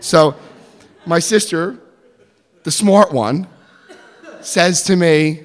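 A man telling a personal story in an animated way, acting out the voices of others. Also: on the high side, drawn-out words, pauses often, big-room sound.

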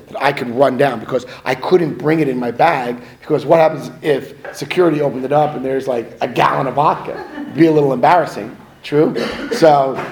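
A middle-aged man shares his stories in casual, conversational talk, mocking himself and acting out what people said. His medium-pitched voice has a darkish tone, and the audio is poor with a little hiss or hum.

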